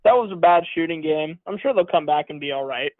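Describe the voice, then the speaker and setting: A man's voice: fairly high pitch, fairly quick, no echo. A young man calling in to a sports show, tired and rambling casually with lots of fillers. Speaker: caller. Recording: tinny phone line.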